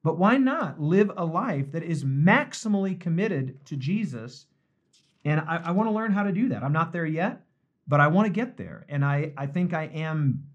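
A man's voice: fairly high pitch, dull audio. A man, a pastor, talking earnestly and reflectively in a live devotional discussion, often repeating phrases for emphasis. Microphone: streamed live online.

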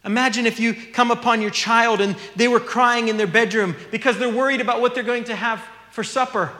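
Pastor, male, bright high voice, earnest sermon delivery, echoey church hall. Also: fairly even intonation, brisk. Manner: earnest, teaching, reads scripture aloud.

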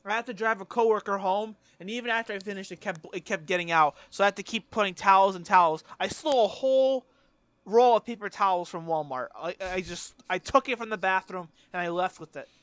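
Young guy on a podcast rambling through a story, high voice, dry close sound, swears a lot. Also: fairly quick, a bit bright, smooth, no echo. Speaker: podcast co-host. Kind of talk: casual chat.

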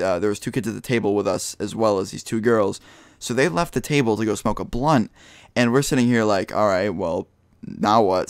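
Young male vlogger, lowish voice, dry close sound, loose rambling storytelling. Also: dry recording. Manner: casual, rambling, lots of "like" and "um". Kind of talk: storytime vlog.

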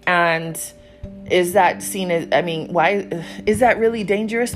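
A woman's voice: fairly low pitch, a little slow, soft background music. A woman hosting her own podcast, telling a story in a blunt, profane, casual monologue from home. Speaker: podcast host.

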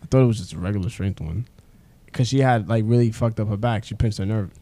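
A man's voice: lowish voice, fast, mellow, no room sound. Brief: laughing, cursing man in a casual chat, dry recording. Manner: laughing storyteller, heavy swearing.

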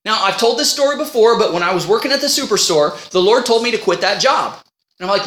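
Bright-voiced male minister preaching in echo. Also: high-pitched, animated, quick pace. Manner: storytelling, acting out his own past dialogue. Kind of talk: sermon. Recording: roomy echo.

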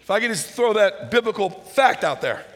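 High-voiced, animated male preacher in a hall. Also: normal speed. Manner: animated storytelling, acting out characters with humor. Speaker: pastor. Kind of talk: sermon. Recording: hall reverb.

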